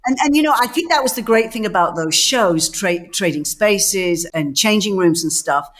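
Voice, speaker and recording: Woman, middle-aged, podcast co-host, casual chat, storytelling, restarts, mid pitch. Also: moderate pace. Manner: lively storyteller who acts out quotes, many restarts.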